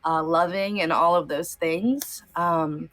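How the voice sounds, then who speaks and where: A woman's voice: lowish voice, slow, a bit bright. A woman in her thirties, a podcast guest talking in a heartfelt, casual way, sometimes near tears, with many fillers. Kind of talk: emotional casual conversation.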